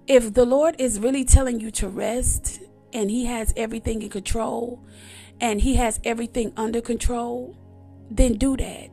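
A woman's voice: fairly high pitch, steady tone, normal speed, mellow, faint music behind. A woman giving an emphatic, repetitive personal testimony in a conversational preaching style. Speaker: devotional speaker.

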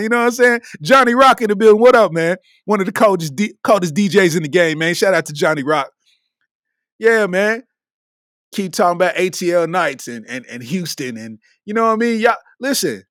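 This podcast host from Lexington, Kentucky has a high-pitched, fairly bright voice, recorded at studio quality with no echo. Going solo, he delivers a comedic rant packed with laughter and preachy emphasis.

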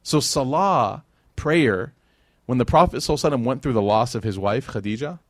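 A man's voice: medium pitch, fast talker, no room sound, studio quality. A man giving a religious lecture to a live audience, conversational and joking, acting out the people in his stories. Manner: conversational and joking, with animated quoted voices.

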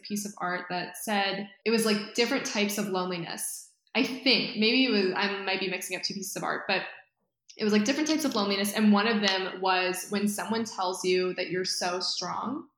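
A woman's voice: mid-range voice, steady tone, brisk, a bit bright. Enthusiastic woman in an echoey room. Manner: enthusiastic, emphatic agreement. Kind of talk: casual conversation.

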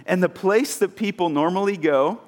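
A man preaching a sermon in a casual, self-mocking way, acting out scenes with animated exclamations. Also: high voice, normal speed. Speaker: pastor.

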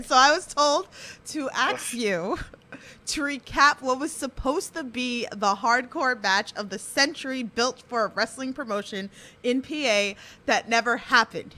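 Giggly woman podcast host, highish voice, reads chat qs out. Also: sharp tone.

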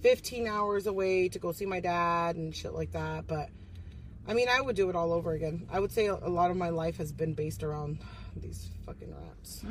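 A woman's voice: lowish voice, moderate pace, distant mic, a little hiss or hum, rough recording. A woman guesting on a podcast, telling stories casually and bluntly, swearing heavily and slipping into Spanish. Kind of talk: casual, profane storytelling.

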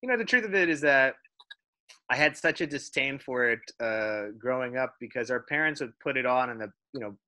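A man in a casual chat, telling stories in an animated way with lots of restarts. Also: mid-range voice. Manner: animated storyteller, fast, full of restarts. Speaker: guest.

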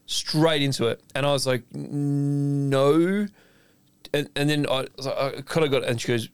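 Animated man telling a story. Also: medium pitch, a little fast, clear, resonant tone, dry recording. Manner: animated storyteller, acts out quoted voices, swears freely. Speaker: podcast co-host, chef. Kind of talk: casual storytelling chat.

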